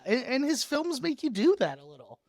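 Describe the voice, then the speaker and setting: Young male podcast co-host, loud and animated, laughs often, dry close mic. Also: very high-pitched, fairly quick, no room sound. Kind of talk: casual chat.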